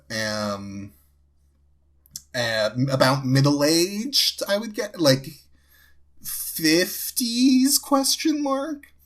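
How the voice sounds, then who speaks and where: A young man from New Jersey, a podcast co-host, telling a story casually, with many fillers and restarts. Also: mid-range voice. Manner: rambling, full of fillers and restarts.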